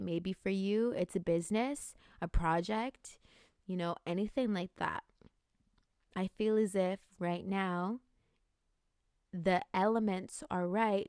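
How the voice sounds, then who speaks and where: A woman in her late twenties hosts a podcast, speaking in a reflective, earnest way with a casual filler-heavy flow. Her voice sits at a middle pitch and is recorded close and dry, with no room sound. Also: dry recording. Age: 20s. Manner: earnest, musing, with many "like"s. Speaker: podcast host. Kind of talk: reflective spiritual talk.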